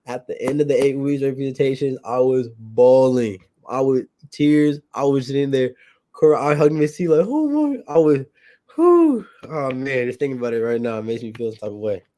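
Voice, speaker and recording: A young man with a mellow, dark voice shares a heartfelt testimony. His talk is casual and slangy, full of repeats and restarts. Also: medium pitch, steady tone, brisk. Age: young adult. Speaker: youth program participant.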